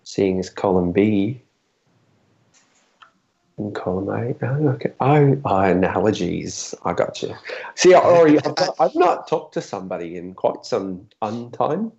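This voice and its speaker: A man's voice: on the low side, sing-song, measured pace, creaky, a little mellow, muffled recording. A man playing a character in a tabletop game, joking dryly. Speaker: player. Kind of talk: tabletop role-play in character.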